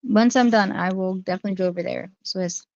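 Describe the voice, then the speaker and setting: A woman hosts a casual livestream and answers her chat one comment at a time. Her voice has a gravelly fry under it. The sound is dry and a little dull, like lo-fi stream audio. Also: mid-range voice, fast, a little mellow, dry recording. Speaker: livestream host.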